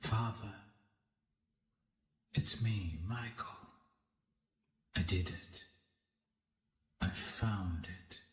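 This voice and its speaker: A grim adult son, very deep and slow, solemn, echoey game audio. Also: male voice. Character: grim adult son reporting back to his father. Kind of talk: game cutscene voice acting.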